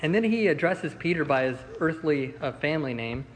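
A man teaching a Bible study class in a relaxed, conversational way, with many fillers and restarts. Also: on the high side, a little fast, big-room sound, slight background noise, rough recording. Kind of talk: casual Bible lesson.

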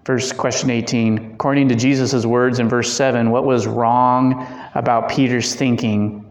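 A man's voice: medium pitch, level tone, moderate pace. A man leading a Bible study discussion, talking conversationally with fillers and self-corrections. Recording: echoey room.

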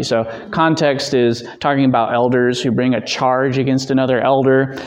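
A man teaching a church theology class, conversational and answering questions, acting out quotes in lively raised voices. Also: medium pitch, normal speed. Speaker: Bible teacher.

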